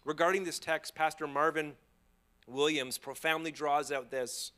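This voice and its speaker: Male pastor, bright forceful voice, fairly high, preaching with call-and-response over faint music. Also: fairly even intonation. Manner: swings from hushed and slow to loud and high; playful asides to the audience. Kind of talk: sermon.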